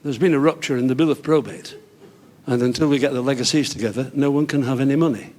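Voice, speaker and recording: A man's voice: mid-range voice, fast, darkish tone, a little hiss or hum, close to an everyday voice. A man voicing a prim, formal male solicitor in a joke.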